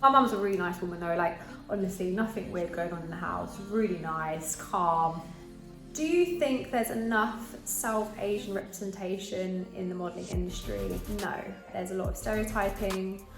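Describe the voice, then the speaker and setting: A woman's voice: medium pitch, moderate pace. A young woman from Britain, a model, chatting through fan questions in a casual vlog with a giggly, playful manner. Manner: chatty and giggly, slipping into playful quoted voices. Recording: echoey room with faint music.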